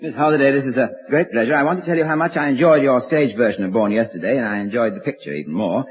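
Polished courtly man, quick talker, tinny vintage radio. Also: mid-range voice, breathy edge. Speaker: guest actor. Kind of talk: scripted radio comedy. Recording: tinny old radio broadcast.

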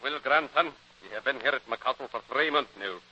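A man's voice: mid-range voice, brisk, pushed and bright. An actor playing a blustering old Scottish grandfather lord with a put-on Scottish accent, in 1940s radio comedy. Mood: blustery. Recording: dull old radio recording with faint hiss.

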